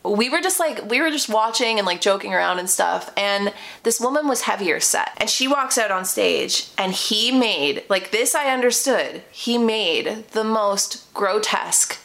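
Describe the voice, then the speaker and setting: A woman's voice: medium pitch, measured pace, gravelly. Chatty young woman telling a story. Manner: chatty, frequent "like" fillers, candid and expressive. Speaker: podcast host. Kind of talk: casual personal storytelling.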